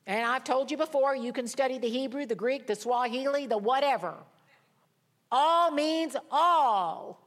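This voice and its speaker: A woman delivers a sermon in a fairly high voice. She speaks in emphatic, declarative phrases and mixes in humorous stories. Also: a little fast, hardly any pauses. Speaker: preacher.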